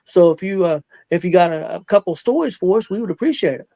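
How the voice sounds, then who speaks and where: Halting male talk-show host. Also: high voice, lively intonation, creaky, mellow, no room sound. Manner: plain-spoken, halting with frequent pauses.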